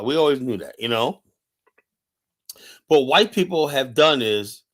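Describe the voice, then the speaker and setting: A man's voice: mid-range voice, fairly bright tone. A man from the United States hosting a live stream, delivering an urgent, impassioned monologue and repeating his points with many fillers.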